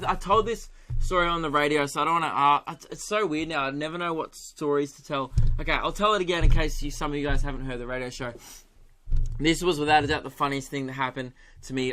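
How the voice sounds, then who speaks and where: Young Australian comic host, bright, slightly high voice, animated and profane. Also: male voice. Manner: animated, swearing, laughing, doing impressions. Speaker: podcast host. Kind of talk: solo comedic podcast rant.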